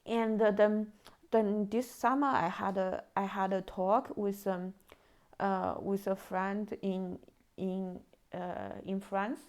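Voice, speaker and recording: A woman's voice: medium pitch, fairly even intonation, slow, darkish tone. A woman hosting a podcast in casual chat, talking animatedly with many fillers and acted-out quotes. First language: Chinese. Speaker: podcast host.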